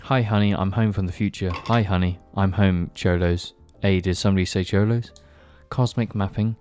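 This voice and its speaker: A man's voice: low voice, steady tone, darkish tone, faint music behind. Jokey male podcast co-host. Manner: quick, jokey reading with interjections. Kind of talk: casual podcast banter.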